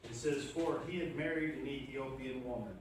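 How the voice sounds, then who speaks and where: A male pastor with a mid-pitched voice delivers a sermon of Bible teaching at normal speed, conversational and full of fillers and questions to the congregation. He is recorded from far off in a boomy, echoey church sanctuary, with audible background noise.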